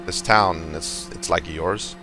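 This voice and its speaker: A man chatting in character during a roleplay, chatty and excitable, laughing often. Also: low voice, slow, music in the background. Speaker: roleplay player. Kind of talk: in-character casual chat.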